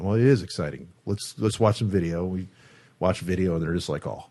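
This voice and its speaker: This low-voiced man from the San Francisco Bay Area, a guitarist guesting in a studio, tells a story at a brisk clip. It's a casual storytelling interview: he's animated, voices the quotes himself and swears freely.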